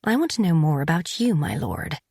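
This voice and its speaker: A gentle young lady of the nobility with a husky voice, as a woman narrator puts her on. She speaks softly and quietly with plain sympathy. The voice is low and close in a dry recording. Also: sing-song, brisk, dry recording, exaggerated voice. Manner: soft and quiet.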